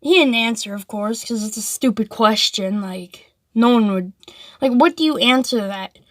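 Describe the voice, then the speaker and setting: A woman's voice: fairly high pitch, normal speed, no echo, clean studio sound. A woman telling a story casually, rambling with lots of "like" and restarts.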